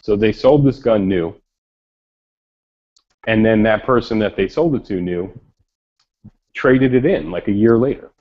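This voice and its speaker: A man telling a story in a casual chat, animated and swearing freely. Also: on the low side, a little slow, long pauses. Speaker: chat participant. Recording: lo-fi online voice chat.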